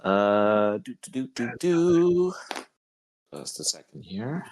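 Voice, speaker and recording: A man narrating as game master with halting speech and many fillers. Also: mid-range voice, sing-song, darkish tone.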